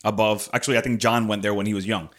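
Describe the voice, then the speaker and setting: A man's voice: lowish voice, flat delivery, very fast, fairly bright tone. A man hosting an interview, blunt and swearing casually. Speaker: podcast host.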